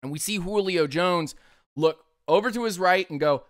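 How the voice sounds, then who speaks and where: A man hosting a sports show, breaking down game plays with excitable energy and frequent laughter. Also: high voice, moderate pace, no room sound, clean studio sound. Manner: excitable, breaks into laughter, acts out players in quotes. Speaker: sports podcast host. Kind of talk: animated sports commentary.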